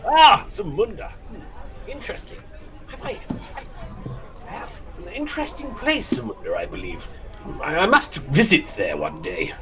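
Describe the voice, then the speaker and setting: A man's voice: high-pitched, sing-song, normal speed, pauses often, bright, forceful tone, faint music behind, heavily acted. A man voicing an eccentric, curious tabaxi scholar who rambles and stammers with fussy enthusiasm. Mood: delighted.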